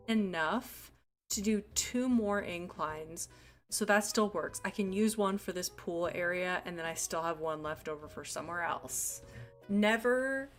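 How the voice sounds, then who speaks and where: A young woman chatting casually while live-streaming a game, sleepy and yawning, rambling and giggly as she talks to her chat. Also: lowish voice. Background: faint background music.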